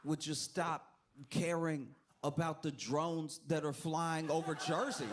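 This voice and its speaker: A man in his thirties tells a rambling stand-up story, laughing through his own asides. His voice sits a little higher than most men's. A loud wash of noise runs under the recording. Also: fairly even intonation, a little slow. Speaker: stand-up comedian. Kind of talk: stand-up routine.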